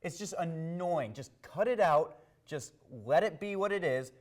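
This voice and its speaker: A young man co-hosting a casual sports debate, animated and opinionated, hammering points by repeating himself. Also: on the high side, a little slow. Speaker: sports show co-host.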